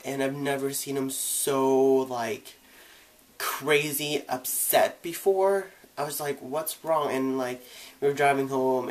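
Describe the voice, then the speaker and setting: A young man's vlog covers his own coming out, told frankly and casually. He brings quoted people to life with abrupt rises in pitch and volume.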